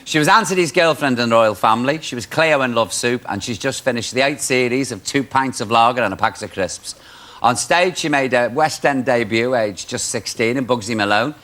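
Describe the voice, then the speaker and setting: A man with a Scouse accent hosting a chat show, camp and teasing, quick with a joke. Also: medium pitch, bright, forceful tone.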